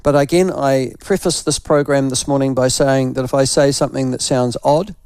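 A man's voice: mid-range voice, steady tone, normal speed, a little mellow, clear, resonant tone, dry recording, clean studio sound. An older man from New Zealand with a New Zealand accent, a radio host telling a rambling, self-mocking story in casual morning chat while unwell with flu.

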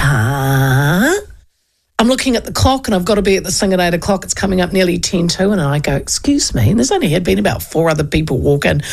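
A woman with a New Zealand accent, a radio host telling a chatty, animated story and putting on voices for the people in it. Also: medium pitch. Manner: animated, chatty, acts out voices in her stories. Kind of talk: casual storytelling chat.

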